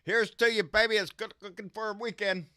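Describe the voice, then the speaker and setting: A man's voice: high voice, steady tone, fairly quick, sharp tone, clear, resonant tone, dry recording, studio quality. A man hosting a casual live stream, folksy and profane, calling everyone "baby" as he chats and rants.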